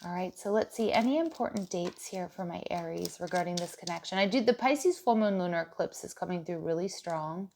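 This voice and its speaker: A woman with a slightly low voice reads tarot cards for her viewers in a loose, chatty way. She often stumbles, repeats herself and restarts sentences as she talks them through. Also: fairly quick, creaky, hardly any pauses, a little hiss or hum. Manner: chatty, stumbling restarts, warm direct address. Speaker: tarot reader. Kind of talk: casual tarot reading to camera.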